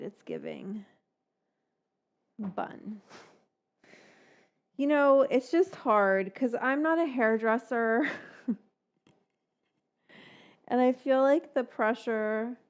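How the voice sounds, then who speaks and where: A woman's voice: on the high side, smooth. Woman host for a casual cooking live stream, chatty and rambling, with offhand swearing.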